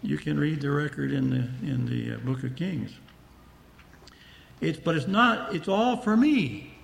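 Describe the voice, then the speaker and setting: Gravelly preacher teaching in an echoey room. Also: male voice, medium pitch, unhurried, fairly bright tone, a little hiss or hum. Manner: conversational, explains verse by verse and addresses listeners directly. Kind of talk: Bible teaching sermon.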